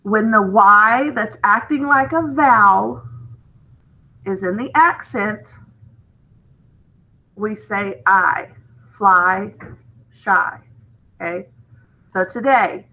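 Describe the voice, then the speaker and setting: A woman's voice: medium pitch, lively intonation, bright, forceful tone, poor audio. A woman teaching a phonics lesson online to children, patiently sounding out letters and checking in with "okay?". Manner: sounds out letters and words slowly and clearly.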